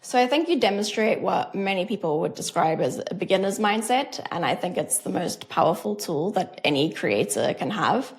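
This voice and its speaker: A woman's voice: on the low side, expressive, moderate pace, few pauses. A woman podcast host reading a scripted introduction, then asking thoughtful interview questions.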